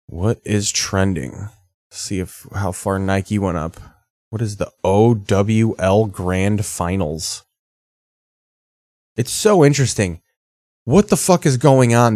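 A man's voice: fairly low pitch, a little mellow, dry recording, clean studio sound. A man in his thirties doing casual, profane, rambling commentary while reacting to TV. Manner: rambling, sardonic storytelling. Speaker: streamer reacting to TV.

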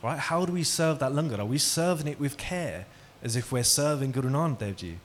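At a middle pitch, a man gives an animated, fairly quick, interactive talk in a hall, engaging his audience by often asking them questions. A faint hum of room noise runs under the recording.

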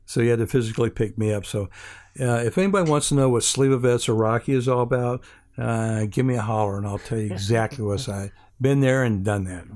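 A man's voice: mid-range voice, a little fast, darkish tone. An older man from Hawaii, an interview guest telling a rambling anecdote with many restarts and fillers, acting out the other people's lines as he goes.

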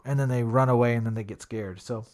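A man's voice: medium pitch, steady tone, fast talker, a little mellow. A young man chatting casually, rambling through a story and saying "dude" a lot. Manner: rambling, laid-back, says "dude" a lot. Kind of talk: casual chat.

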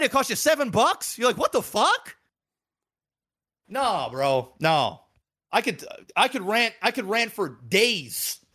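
A man's voice: very high-pitched, pushed and bright. A man co-hosting a podcast, ranting heatedly with lots of profanity in casual chat. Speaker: podcast co-host.

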